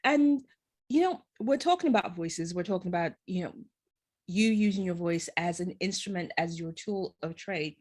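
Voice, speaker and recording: A woman's voice: lowish voice, animated, normal speed, a little mellow. A woman hosting an interview show, talking casually with a guest and sharing her own stories in an encouraging, self-deprecating way. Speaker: show host.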